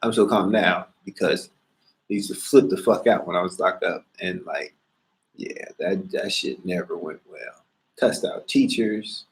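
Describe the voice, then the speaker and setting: A man in a casual monologue, talking in a slangy, profane, animated way. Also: sits low, a little slow.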